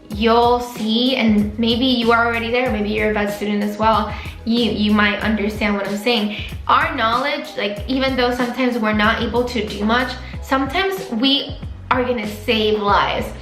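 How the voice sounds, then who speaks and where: A woman's voice: fairly high pitch, fairly bright tone. Emotional young woman vlogging in an echoey room. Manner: emotional, openly tearful at times; chatty with many likes and restarts. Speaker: veterinary student vlogger. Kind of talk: personal vlog talking to camera.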